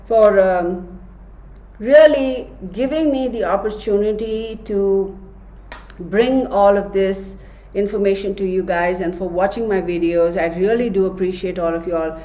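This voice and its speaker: A woman's voice: medium pitch, measured pace, dark tone, reverberant. Chatty woman giving a tarot reading. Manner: chatty, affectionate, addresses viewers directly. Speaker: tarot reader. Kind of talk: casual tarot reading to camera.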